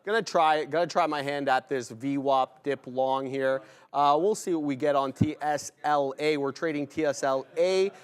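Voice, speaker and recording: A man with a smooth, resonant voice talks through his live trades at a brisk clip. He shouts out viewers by name and keeps a steady, chatty patter on charts and price levels. His voice sits a touch high for a man. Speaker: day-trading stream co-host. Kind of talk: live trading commentary.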